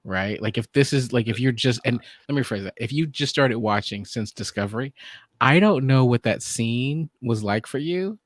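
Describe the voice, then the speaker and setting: A man's voice: mid-range voice, expressive, moderate pace, dry recording, studio quality. A man co-hosting a podcast in casual review chat, rambling and acting out his own reactions. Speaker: podcast co-host.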